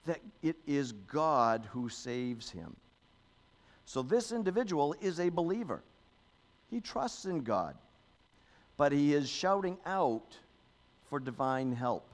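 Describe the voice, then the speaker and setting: A man's voice: fairly high pitch, expressive, measured pace. Man preaching in a chatty, conversational way. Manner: conversational preaching with frequent "okay?" and "you know"; reads scripture aloud with emphasis. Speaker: pastor. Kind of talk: sermon.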